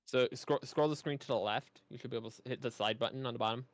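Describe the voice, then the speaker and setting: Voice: mid-range voice, rapid-fire, a little hiss or hum. A co-player in casual chat, giving step-by-step game instructions with dry jokes. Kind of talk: casual let's-play chat.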